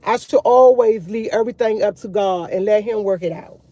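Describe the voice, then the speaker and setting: A woman's voice: medium pitch, fairly quick, dark tone, no echo. Chatty woman rambling about faith. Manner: rambling, restarts often, talks to viewers as y'all. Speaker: vlogger. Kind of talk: casual faith chat to camera.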